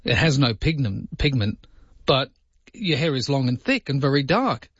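A man hosting a radio show in casual chat, musing aloud with quick jumps up in pitch on his asides. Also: big pitch swings, fairly bright tone, slightly rough, no room sound, muffled recording. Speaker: radio host.

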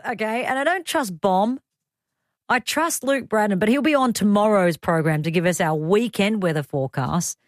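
Clean and dry, the studio recording captures a middle-aged Australian radio host with a medium-pitched voice speaking at a normal pace. She's chatty and rambling and laughs readily.

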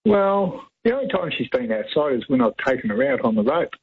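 A man's voice: medium pitch, very animated, a little fast, breathy edge. An Australian man calling in to a radio show, rambling on and talking over the host. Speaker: caller. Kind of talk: phone-in radio chat. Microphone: telephone. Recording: tinny phone line.

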